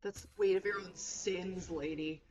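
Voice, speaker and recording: A woman's voice: on the low side, moderate pace, a little hiss or hum. Blunt, swearing woman streamer. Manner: blunt, profane, animated reactions. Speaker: game streamer. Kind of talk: let's play commentary.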